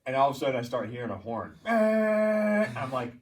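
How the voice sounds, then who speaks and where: A man's voice: medium pitch, very fast. A man, co-hosting a podcast and telling a story in casual chat, swearing freely and acting out the people in it. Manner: profane, animated storyteller acting out quotes. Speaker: podcast co-host. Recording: distant mic, faint noise.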